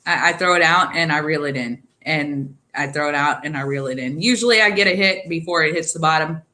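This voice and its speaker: A woman's voice: deep voice, a little fast, sharp tone. A woman co-hosting a fishing chat, playful and self-deprecating about her own fishing. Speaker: co-host.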